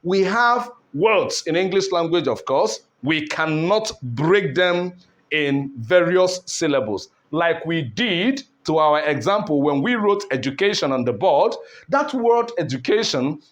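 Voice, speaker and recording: Slow, high-voiced male English teacher. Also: expressive. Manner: slow, deliberate, repeats words and asks rhetorical questions. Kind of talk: classroom lesson at a board.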